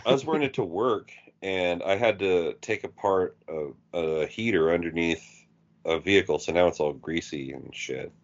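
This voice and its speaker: Low-voiced man telling crude stories. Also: normal speed. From Eugene, Oregon. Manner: profane, storytelling, laughs at own jokes. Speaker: podcast co-host. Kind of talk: casual chat. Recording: dull lo-fi sound.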